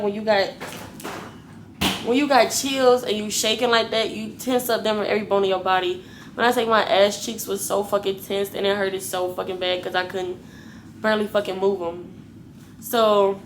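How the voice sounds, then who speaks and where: A woman's voice: mid-range voice, slight background noise. Blunt, profane young woman telling a story. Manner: profane, blunt, animated retelling. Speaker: vlogger. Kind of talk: casual storytelling to viewers.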